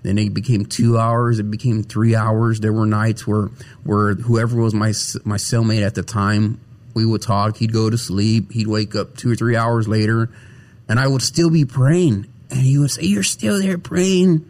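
A man's voice: on the low side, little pitch movement, moderate pace, a little mellow. A man telling his personal faith testimony as an interview guest, earnest and often repeating words as he searches for them.

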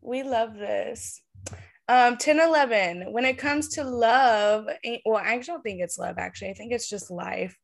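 A woman co-hosting a casual podcast chat over a video call, animated and quick to laugh. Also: a little high, vocal fry. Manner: giggly, animated, laughs often. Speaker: podcast co-host and tarot reader.

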